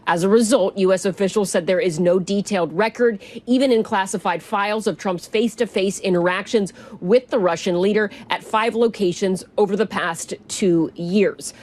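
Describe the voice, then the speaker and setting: A woman news correspondent giving a brisk, measured report from outside in the snow. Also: medium pitch, a little mellow. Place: outdoors in snow.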